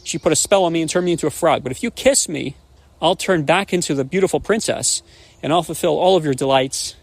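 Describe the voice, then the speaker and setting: A man's voice: a little high, quick pace, no echo. A man voicing a frog who claims to be an enchanted young princess, coaxing and insistent while telling a joke.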